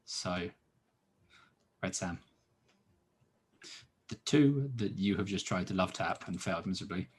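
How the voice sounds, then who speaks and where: A young man runs a tabletop game, narrating the action and teasing his players dryly. His voice sits low and carries a husky, breathy edge. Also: fairly bright tone. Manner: dry, teasing banter. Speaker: dungeon master.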